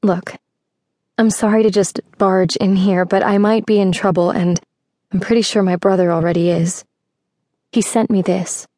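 A woman voicing an anxious, determined young woman in an audiobook, pleading in an earnest, hurried way. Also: mid-range voice, fairly even intonation, dark tone, no echo, studio quality, natural voice. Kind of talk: audiobook character voice.

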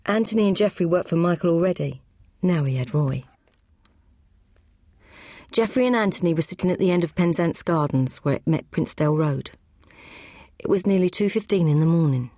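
A woman reading an audiobook crime novel aloud, brisk and matter-of-fact. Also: low voice, mellow, no echo, studio quality. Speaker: audiobook narrator. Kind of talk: scripted narration.

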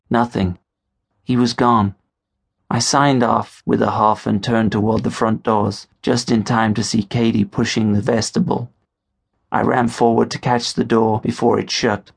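A man narrating an audiobook in the first person, telling the story in a measured way. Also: mid-range voice, creaky, husky.

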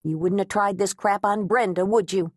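A woman's voice: medium pitch, steady tone, normal speed, dry recording, clean studio sound, lightly acted. A woman voicing a feisty, frightened woman who talks back sharply and defiantly. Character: feisty frightened woman defending her home.

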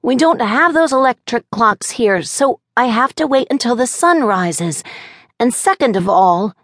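A woman voicing a sleepy, earnest six-year-old boy who pleads in a drowsy, drawn-out way. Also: on the high side, expressive, a bit bright, no echo, studio quality, pitched above the performer's own voice. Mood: sleepy pleading.

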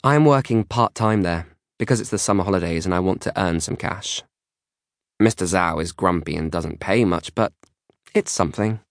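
A man with a very low voice reads a children's story in a steady, storytelling way. He is recorded close on a studio microphone, and the sound is very dry with no room in it. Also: normal speed, creaky, no echo. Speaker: audiobook narrator. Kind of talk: scripted narration.

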